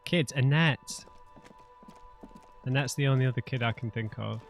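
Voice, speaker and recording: A man's voice: mid-range voice, normal speed, gravelly, over music. A man hosting a let's play, reading the game's choices aloud and reacting with mounting frustration. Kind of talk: gameplay commentary.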